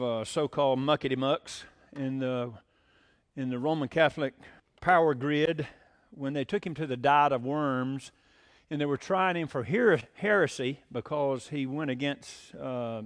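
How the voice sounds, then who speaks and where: A man preaching a sermon in a conversational way, with frequent fillers, rising to emphatic bursts when quoting scripture. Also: medium pitch. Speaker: pastor.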